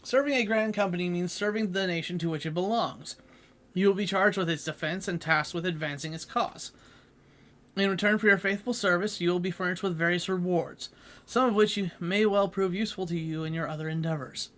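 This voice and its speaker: Man reading a noble advisor, formal, archaic wording, bright, high-ish voice. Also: brisk.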